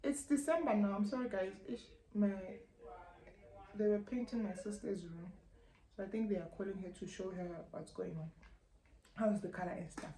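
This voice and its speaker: A young South African woman with a South African accent, telling a personal story in a lively vlog and acting out her relatives' lines. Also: mid-range voice, normal speed, long pauses. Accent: South African English. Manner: animated, acts out relatives' lines, slangy. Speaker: YouTuber. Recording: echoey room, faint background hum.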